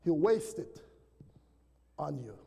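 A man preaching a sermon as pastor, animated and calling out to the congregation. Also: fairly high pitch, slow, vocal fry, breathy edge. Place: church sanctuary. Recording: long church reverb.

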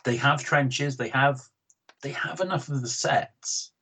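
A man's voice: medium pitch, a little slow, sharp tone, slightly rough, poor audio. A British man chatting casually about a film he dislikes, opinionated and often repeating words as he gets going. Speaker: film podcast co-host. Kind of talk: casual film review chat.

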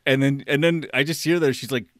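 A man's voice: mid-range voice, quick pace, no room sound, studio quality. A man co-hosting a podcast, telling a funny story in casual chat. He laughs as he talks and acts out what people said. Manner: animated, laughing storyteller who acts out quotes. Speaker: podcast co-host.

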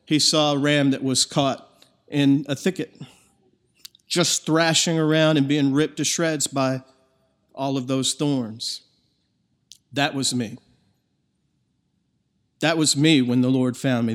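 A man's voice: medium pitch, fairly even intonation, slow, pauses often. A man preaching a sermon in an earnest, emphatic way, his voice rising in bursts of intensity. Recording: long reverb of a large hall.

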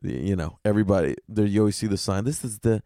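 A man's voice: lowish voice, fast, warm tone, clear, resonant tone, no room sound, studio quality. Profane ranting male podcast host. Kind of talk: comedic podcast rant.

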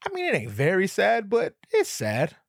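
A man's voice: sits high, huge pitch swings, normal speed, gravelly, dry recording, studio quality. A man hosting a solo comedy podcast in a crude, rambling, darkly joking monologue. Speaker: podcast host.

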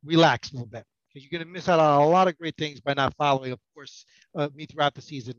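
A man's voice: fairly high pitch, fast, fairly bright tone, no echo, dull audio. A middle-aged man chatting as a podcast guest, rambling and self-mocking, with many restarts. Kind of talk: casual podcast banter.

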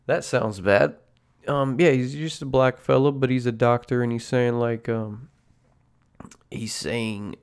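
Creaky and lowish but clean in tone, this man's voice carries a laid-back, rambling podcast conversation. He hosts it from home while drinking coffee, swearing nonstop.

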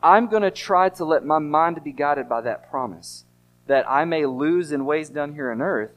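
Male pastor, fairly high voice, earnest emphatic sermon delivery with rhetorical questions. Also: normal speed, slight background noise.

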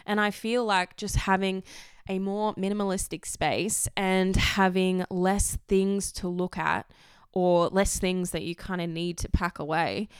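A woman's voice: medium pitch, clear, resonant tone, dry recording, studio quality. A young Australian woman talking casually and candidly about her life, rambling a little, swearing freely and laughing often. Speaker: vlogger. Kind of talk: casual personal chat.

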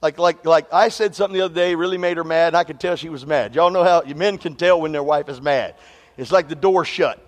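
A male pastor with a drawl and a high voice. He preaches in a call-and-response way, teasing the congregation with humorous stories and calling for them to answer back. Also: brisk, big-room sound. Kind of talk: sermon.

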